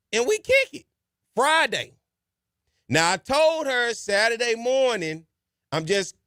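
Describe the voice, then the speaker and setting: A man's voice: high-pitched, pushed and bright, no echo, clean studio sound. A man hosting a podcast, giving folksy, repeated advice and telling stories in a casual, colloquial way. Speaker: podcast host. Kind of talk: casual advice monologue and storytelling.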